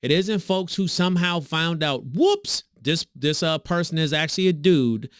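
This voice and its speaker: A man hosting a reaction video, talking sarcastically and mockingly, with sudden high swoops in his voice. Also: normal speed, clear, resonant tone, no room sound, studio quality. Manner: sarcastic, mocking, animated pitch swings. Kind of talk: reaction commentary.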